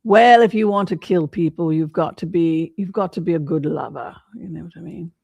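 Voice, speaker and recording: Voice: medium pitch, moderate pace, vocal fry, a little mellow, breathy edge, no room sound. Rambling tarot reader, dry sound. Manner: rambling, hesitant, many fillers and restarts. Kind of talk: casual livestream commentary with tarot reading.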